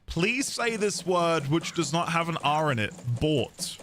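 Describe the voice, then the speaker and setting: A man's voice: on the high side, expressive, normal speed, pushed and bright, soft background music. A man chatting playfully on a game livestream, reading chat aloud and laughing often. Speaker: livestreaming gamer. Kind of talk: casual live-stream chat.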